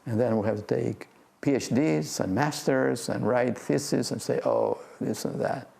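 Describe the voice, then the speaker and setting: An older man, a physics professor, gives a gentle, playful guided talk on breath meditation and laughs often. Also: medium pitch, a little slow, creaky. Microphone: video talk to a remote audience.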